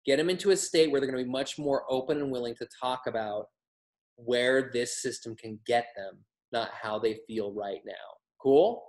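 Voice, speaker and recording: A man giving a motivational training talk on wellness products, energetic and emphatic with a humorous streak. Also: mid-range voice, moderate pace. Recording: roomy echo.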